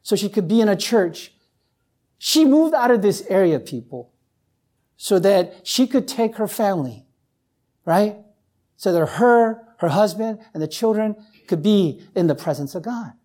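In this sermon the male pastor speaks at a measured pace with lively intonation. He repeats phrases, asks the congregation "right?", and ranges from nearly shouting to quiet, low delivery.

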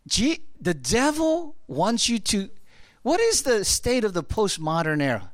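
A male pastor delivers a loose, conversational sermon, wandering through asides and fillers. His voice sits high and swings widely in pitch. The sound is dry and close. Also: wildly swooping pitch, slow, no room sound. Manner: casual, rambling, full of fillers and asides.

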